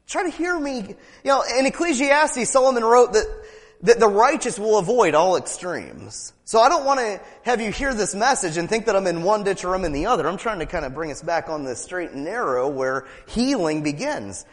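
A man preaching a sermon with fervent emphasis, repeating key phrases, asking rhetorical questions and slipping in quick laughing asides. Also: high voice, very animated, in a large hall. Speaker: pastor.

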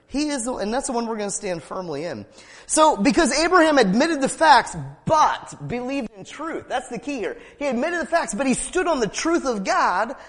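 A man preaching a sermon with fervent emphasis, repeating key phrases, asking rhetorical questions and slipping in quick laughing asides. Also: high voice, a bit bright, long reverb tail. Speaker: pastor.

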